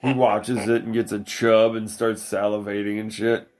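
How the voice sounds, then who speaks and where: A man's voice: lowish voice, little pitch movement, moderate pace, a little mellow. A man in casual podcast chat who answers with short reactions and dry, profane jokes. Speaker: podcast co-host.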